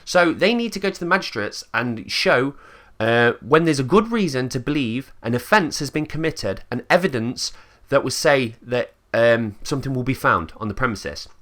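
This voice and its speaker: A man with an English accent rants in a casual monologue, blunt and quick to swear. His pitch swings widely as he talks. His tone is bright and forward. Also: animated. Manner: blunt and sweary, acts out quotes in put-on voices. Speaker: channel host.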